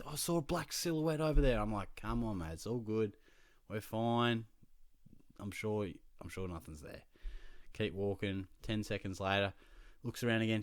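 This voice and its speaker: An Australian man chatting casually as a fantasy football vlogger, telling stories in an animated way and laughing often. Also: mid-range voice, moderate pace, dry recording, studio quality. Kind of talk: casual chat.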